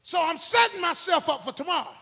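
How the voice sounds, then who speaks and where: A male preacher whose unusually high voice carries a gravelly, fry-laced texture. He rides the room in call-and-response, sliding from hushed asides up to shouted exhortations. The sound hangs in a long reverb, as in a large church hall. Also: animated, a little fast. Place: church sanctuary.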